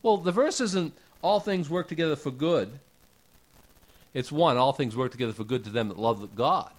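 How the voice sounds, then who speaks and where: A man's voice: medium pitch, animated, normal speed. A man preaching a casual sermon, talking conversationally with rhetorical questions and folksy asides.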